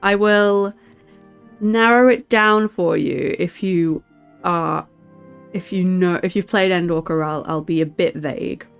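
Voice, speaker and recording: Woman streamer, giggly, chatty, casual, answers viewers, soft background music. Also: lowish voice, measured pace, vocal fry, clean tone. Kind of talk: casual live-stream chat. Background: faint music.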